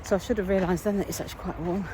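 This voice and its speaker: Walking outside for her daily vlog, a woman rambles casually about her day, at times out of breath. She speaks very fast in a fairly low voice with quite even intonation, and background noise is audible.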